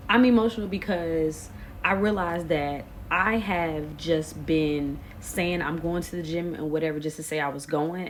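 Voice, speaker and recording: A woman in her late twenties telling a storytime to camera, animated and expressive, full of slang. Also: low voice, a little hiss or hum. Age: late 20s. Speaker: vlogger. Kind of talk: casual storytime.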